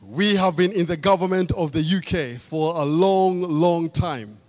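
A man's voice: a little high, unhurried. A man from Kenya preaching a sermon, stressing key phrases by repeating them. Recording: long hall reverb.

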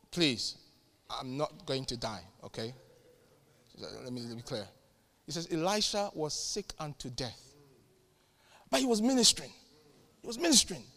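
A man pastor preaching a sermon in a church, fervent, with sudden loud peaks and quiet asides. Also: sits high, big-room sound.

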